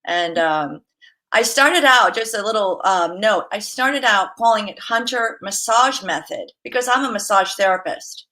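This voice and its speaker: Bright-voiced woman telling lively stories. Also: mid-range voice, unhurried. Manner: lively storyteller, laughs often, acts out quotes. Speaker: guest, massage therapist. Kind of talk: casual interview chat.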